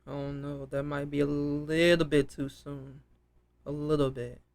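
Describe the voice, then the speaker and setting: A man's voice: a little high, flat delivery, a little slow, gravelly, a little mellow, no echo. A man casually commenting while playing a dating game, reading choices aloud and judging them. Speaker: gaming streamer.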